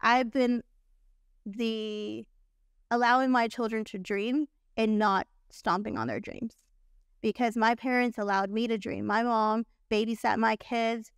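A woman in her forties speaks as a podcast guest, earnest and chatty as she tells her story. Her voice sits a little high and sounds smooth and clear. The recording is close and dry. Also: flat delivery, measured pace, no room sound. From Texas. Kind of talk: casual interview.

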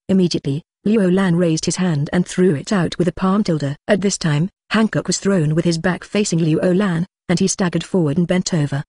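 A synthetic audiobook narrator reading in a flat machine manner and speaking punctuation marks aloud. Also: medium pitch, moderate pace, few pauses, no room sound, clean studio sound.

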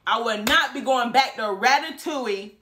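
Woman, lively storytelling, high voice, bright tone. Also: moderate pace. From Alabama. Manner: dramatic, animated storytelling. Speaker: vlogger. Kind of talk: casual storytime.

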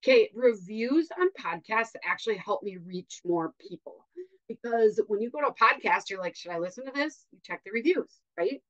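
A woman's voice: medium pitch, lively intonation, moderate pace, a bit bright, lo-fi sound. A woman with a Wisconsin accent hosting a podcast, chatty and upbeat, with many fillers. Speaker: podcast host. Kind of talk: casual podcast intro.

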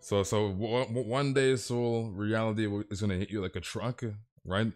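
A man's voice: on the low side, fairly even intonation, moderate pace, darkish tone, faint music behind. A young man streaming a game live, rambling casually with stammered restarts and slang while talking to his chat. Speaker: gaming livestreamer.

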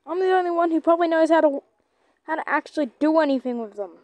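A woman giving excitable gameplay commentary, chatting to a companion and shouting at teammates. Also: sits high, fast talker, no echo. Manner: chatty, talks to a toy companion. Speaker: gamer.

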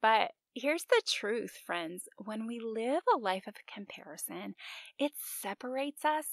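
Woman in her 40s doing a faith podcast, bit of vocal fry, dry close sound, chatty and confiding, drops to whispers sometimes. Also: a little high, unhurried, no room sound. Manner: confiding, animated storytelling with laughs and soft whispered asides. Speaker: podcast host. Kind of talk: faith-based podcast monologue.

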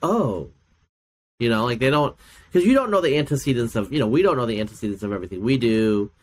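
A middle-aged man, a podcast guest and geneticist, chatting casually and telling stories, with many fillers and laughs. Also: very fast. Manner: animated storyteller, acts out quoted people with big pitch jumps. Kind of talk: casual chat.

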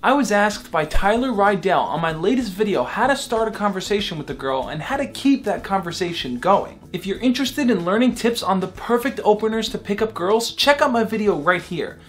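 Lively young man giving dating tips. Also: high-pitched, a little fast, few pauses, soft background music. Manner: upbeat, direct, coaching tone. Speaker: dating advice vlogger. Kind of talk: scripted advice vlog.

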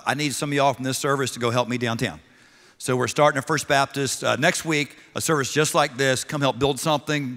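A man's voice: mid-range voice, pushed and bright. A man preaching a sermon as pastor, talking directly and bluntly with joking asides. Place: large church auditorium. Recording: long reverb of a large hall.

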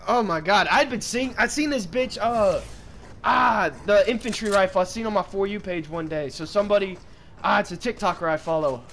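A gaming streamer in his twenties rambles and swears often as he comments on his gameplay, with loud outbursts at the game. His high-pitched voice moves at a normal speed over a little hiss or hum.

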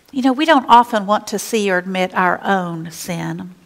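Woman pastor, conversational preacher, animated and hushed by turns. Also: mid-range voice, normal speed, few pauses. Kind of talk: sermon.

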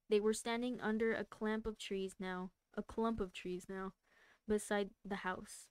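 A woman reads a novel aloud on a livestream in a casual way, tripping over words and starting them again. Her voice is clear and smooth at a middle pitch, picked up dry and close. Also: level tone, a little slow, a little mellow, no echo. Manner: stumbles and restarts words, laughs at the text. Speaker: streamer reading a book aloud.

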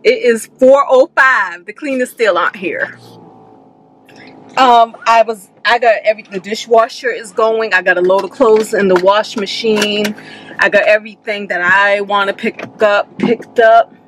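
A woman in her thirties chats to camera as she moves through her home, relaxed and talkative. Her voice sits at a middling pitch, and the sound is picked up on a handheld camera indoors. She speaks to her viewers with easy, informal slang. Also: a little slow, background noise. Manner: chatty, talks straight to viewers with "y'all". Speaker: vlogger. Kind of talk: casual home vlog talking to camera. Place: inside a home, walking between rooms.

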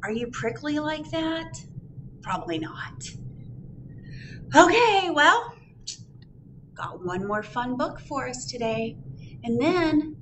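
Animated woman reading to children. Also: sits high, background noise. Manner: animated, sing-song, asks children questions. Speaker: children's librarian.

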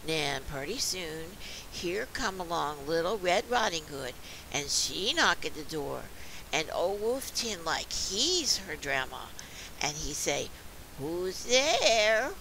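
A woman reads a dialect story poem aloud with a folksy, childlike lilt. Her voice is bright and her pitch moves a lot. She takes her time over every line. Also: lively intonation, slow, slight background noise. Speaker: reader.

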